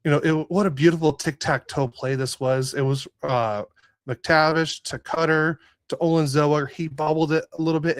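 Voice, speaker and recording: On a casual sports podcast, a co-host from Southern California goes over a hockey game, rambling and regretful, leaning on fillers and frequently restarting. His pitch is fairly high, and the recording is dry.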